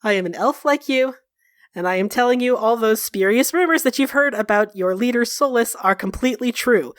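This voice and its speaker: A woman's voice: a little high, brisk, dry recording, lightly acted. A woman voicing a resolute male elf envoy, formal and earnest. The sound is dry and close.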